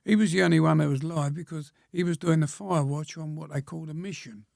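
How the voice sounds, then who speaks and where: A very old man around a hundred tells stories in a plain, unhurried way. His voice sits a little high and is gravelly, and it is recorded close and dry. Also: darkish tone, dry recording. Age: 100. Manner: plain-spoken, slow storytelling, frequent pauses and throat-clearing. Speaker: guest, war veteran. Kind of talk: reminiscing interview answers.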